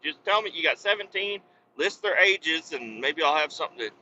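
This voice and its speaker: A man's voice: on the high side, expressive, moderate pace, sharp tone, highs cut off, a little hiss or hum. A man in his thirties hosting a podcast, rambling in a jokey, profane monologue. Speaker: podcast host.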